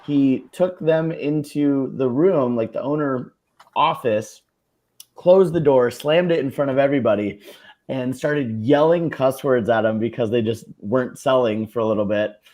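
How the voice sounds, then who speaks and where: A man's voice: mid-range voice, moderate pace, mellow. A man co-hosting a podcast, telling a story in a loose, hesitant way with lots of fillers, and teasing his co-host. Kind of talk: casual storytelling chat.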